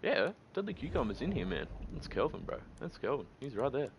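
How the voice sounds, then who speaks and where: An excitable man, chatting casually and swearing freely while streaming a game. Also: medium pitch, fairly quick, slight background noise. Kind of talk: casual live-stream commentary. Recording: game gunfire under the voice.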